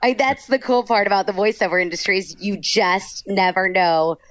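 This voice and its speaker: A woman's voice: medium pitch, normal speed, fairly bright tone, dry recording. Bubbly woman, dry close sound. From Texas. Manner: bubbly, gushing, heavy use of "like". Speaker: voice actor guest. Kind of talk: casual interview chat.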